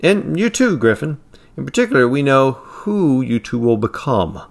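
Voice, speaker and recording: A man voices a composed, self-assured graying gentleman who speaks with calm, measured firmness. He sounds like a steady figure in a storybook, lowered a little from the reader's own voice. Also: gravelly. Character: calm, confident graying gentleman, a time guardian.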